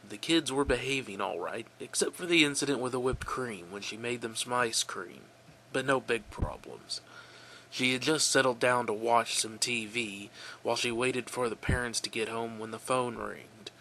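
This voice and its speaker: A man reading a creepy story aloud in a relaxed, offhand way, correcting his own slips. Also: mid-range voice, normal speed, slight background noise.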